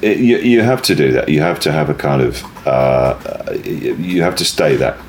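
A middle-aged man in casual conversation, telling stories in a rambling, self-interrupting, animated way. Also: rumbling low, moderate pace, slight background noise. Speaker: guest, performer.

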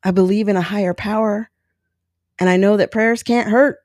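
A woman's voice: medium pitch, fairly even intonation, normal speed, darkish tone, dry recording, studio quality. A woman in her forties hosting a podcast, speaking candidly and emotionally in a personal monologue. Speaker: podcast host.

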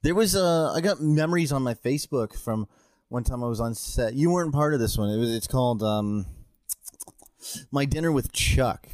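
A relaxed male actor chatting on a podcast and telling a story in an easy, self-mocking way. His voice sits at an ordinary middle pitch, recorded close and dry with no room sound. He swears offhandedly. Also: moderate pace, no room sound. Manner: relaxed storytelling, swears casually, laughs at himself. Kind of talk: casual chat.

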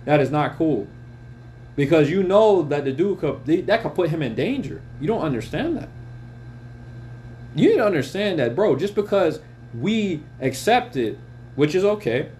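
A man's voice: a little high, slight background noise. A man hosting a podcast, ranting bluntly in a casual monologue, swearing often and telling stories with a lot of energy. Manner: blunt, heavy swearing, animated storytelling. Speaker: podcast host.

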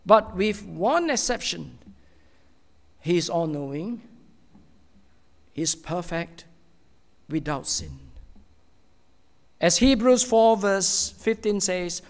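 A man delivers a sermon from the pulpit in a high, gravelly voice. He speaks slowly and earnestly, pausing often and sinking into a soft, hushed tone. A long reverb trails his words, as in a church hall. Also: animated. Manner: slow, earnest preaching with many pauses, often dropping to a soft, hushed tone. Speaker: pastor.

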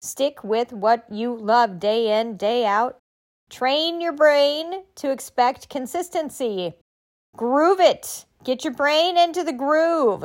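A woman giving a motivational talk, emphatic and encouraging, often asking rhetorical questions. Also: on the high side. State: recovering from illness.

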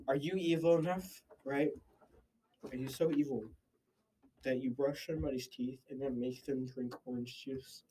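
Male host, mid pitch, deadpan mock-villain interviewer with drifting accent; mic slightly distant. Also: normal speed, husky. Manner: deadpan asides, shifting playful accents. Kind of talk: improvised comedy interview.

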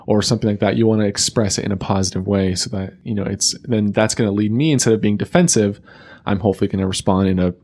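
Fast-talking low-voiced male podcast co-host. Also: fairly even intonation, darkish tone. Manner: quick, explanatory, many "like" fillers. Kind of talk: casual relationship advice chat.

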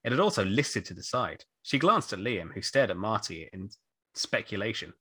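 Male podcast host reading a book aloud, lively pitch, bright tone, dry close sound. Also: normal speed, husky, no room sound. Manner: playful, breaks into laughter, puts on character voices. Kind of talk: comedic read-aloud with commentary.

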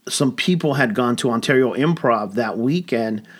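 A man's voice: mid-range voice, normal speed. A young adult man, a stand-up comedian, telling a rambling story with lots of swearing in casual podcast chat.

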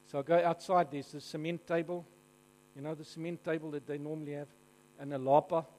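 High-voiced, lively South African male preacher. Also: a little fast, low-quality recording. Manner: animated and jokey, asking the audience questions. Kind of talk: storytelling sermon to a live congregation.

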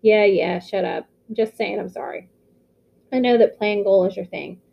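Blunt teen boy captain, gruff then dead serious, a lady reading it, kinda muffled audio. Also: mid-range voice, fairly even intonation, moderate pace.

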